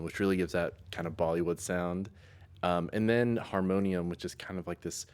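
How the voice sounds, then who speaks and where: A young man from East Tennessee, a musician guest, answering in a relaxed way, laughing often and filling with ums. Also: low-pitched, clear, resonant tone. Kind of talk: casual interview answers.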